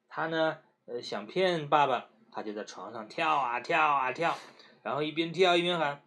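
A man reading a bedtime story to a child, slow and gentle with lots of hesitant fillers. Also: on the high side.

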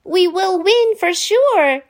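A woman voicing a lively young girl in a storybook read-aloud, bright and excited. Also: very high-pitched, slow, voice pushed up, exaggerated voice.

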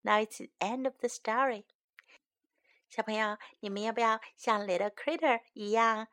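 A woman reading a picture book slowly and clearly to children, repeating phrases and translating as she goes. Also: on the high side, a bit bright. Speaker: storyteller and English teacher for children. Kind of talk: slow bilingual read-aloud for kids.

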